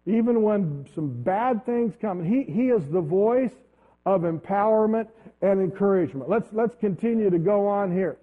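A man with a high voice preaches, easing into his message through a chatty personal story told with frequent restarts. The sound is thin and tinny, like it came through a phone line. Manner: conversational, storytelling, halting restarts. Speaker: pastor.

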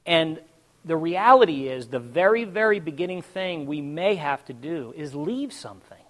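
Guy preaching a sermon, pretty high voice for a man, goes from whispery quiet to loud, tells it like a story. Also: expressive, moderate pace, in a large hall. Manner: dramatic storytelling, swinging from hushed to loud; addresses the congregation directly.

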